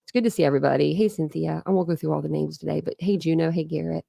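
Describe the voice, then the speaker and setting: A woman from Ohio, whose accent carries Philadelphia family influence, hosts a live stream commentary channel and chats loosely with viewers, rambling with many fillers and laughing often. Her deep, dark-toned voice has vocal fry, fairly even intonation and a rapid-fire pace. The recording is dry and studio quality.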